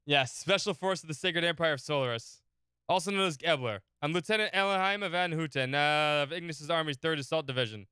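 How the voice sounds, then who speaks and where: A man's voice: on the high side, brisk, bright, forceful tone, smooth, no echo, studio quality. A man voicing an earnest, conflicted young female soldier in a game read-along, in his own voice. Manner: earnest, apologetic.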